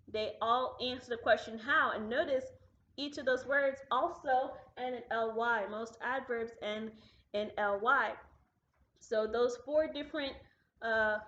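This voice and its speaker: A woman teacher giving a recorded grammar lesson to students at home, patient and deliberate, slowing down to model example sentences. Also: a little high, a bit bright. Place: classroom. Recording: echoey room, dull lo-fi sound.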